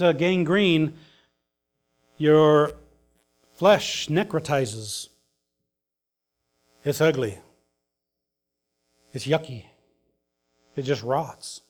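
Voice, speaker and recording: A male pastor preaching a sermon, swinging between emphatic loud lines and hushed soft ones. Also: high-pitched.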